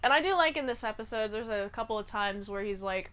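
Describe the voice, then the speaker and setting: A woman recapping and reviewing a TV episode in a chatty, animated way. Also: mid-range voice, fast, smooth. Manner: chatty and animated, acts out quotes. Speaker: show reviewer.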